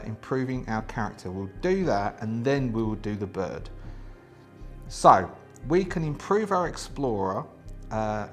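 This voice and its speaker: A man hosting a solo tabletop game, reading rules aloud and thinking through his choices in a chatty way, with many fillers and restarts. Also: mid-range voice.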